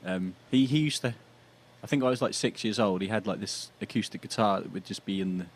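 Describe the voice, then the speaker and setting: A young British man chats as a podcast guest, easygoing and quick to laugh as he tells his story. His voice is lowish, with a faint hum of noise behind him. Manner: chatty, laughs easily. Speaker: guest musician. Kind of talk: casual interview chat.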